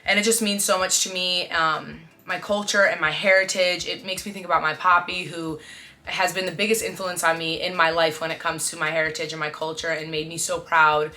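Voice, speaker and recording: A woman in her twenties chatting excitedly to camera about her outfits, with lots of fillers and quick asides. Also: lowish voice. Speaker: fashion vlogger. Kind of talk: casual chat to camera.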